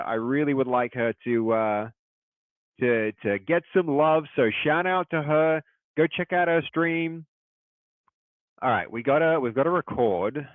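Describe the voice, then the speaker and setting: Man streaming live, excitable chat, loud shout-outs, tinny phone-like sound, dry. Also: fairly high pitch, dry recording. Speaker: game studio head and streamer.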